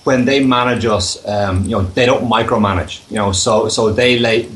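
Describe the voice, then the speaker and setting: A man's voice: fairly low pitch, moderate pace, fairly bright tone, slight background noise. A man in a band, a guest in a casual interview, talking at length in a rambling way with lots of fillers. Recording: roomy echo.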